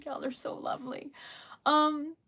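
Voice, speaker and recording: Flustered, teary high-voiced woman streamer. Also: little pitch movement, a little slow, sharp tone. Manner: flustered and giggly, often tearful, trailing off mid-sentence. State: emotional, laughing through tears. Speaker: live streamer. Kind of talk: casual live-stream chat.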